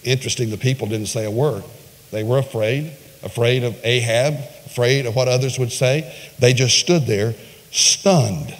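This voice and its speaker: A male pastor preaching a sermon, retelling a story with dramatic pitch swings and voiced quotes. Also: normal speed. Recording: long reverb of a large hall.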